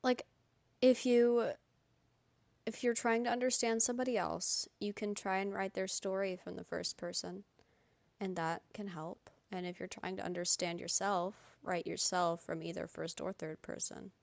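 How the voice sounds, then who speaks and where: A woman's voice: mid-range voice, steady tone, moderate pace, gravelly, darkish tone, no echo. A young woman streamer chatting casually with her live chat, often laughing. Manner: chatty, giggly, talks to chat.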